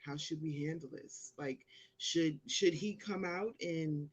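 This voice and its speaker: A woman's voice: takes it slowly, slightly rough. A woman hosting her own live show, chatting casually to viewers and telling a story, acting out the people in it with big jumps in voice. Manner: animated storyteller, acts out quotes with big pitch jumps.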